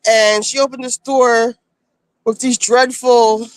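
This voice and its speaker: Brassy female streamer, blunt and gossipy, slightly high voice, dry close phone sound. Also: steady tone, takes it slowly, no room sound. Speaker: streamer recapping a reality show. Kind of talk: casual live-stream chat.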